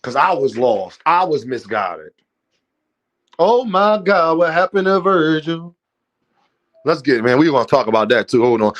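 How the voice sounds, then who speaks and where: A man's voice: a little high, sing-song, normal speed. A man hosting a livestream, ranting bluntly and profanely and talking straight to his chat. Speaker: livestream host. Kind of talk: unscripted livestream rant.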